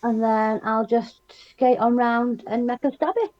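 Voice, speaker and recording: A woman's voice: fairly high pitch, measured pace. A woman playing a tabletop game who describes her turn in a breezy, playful way. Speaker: player. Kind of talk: casual tabletop play. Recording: dull lo-fi mic.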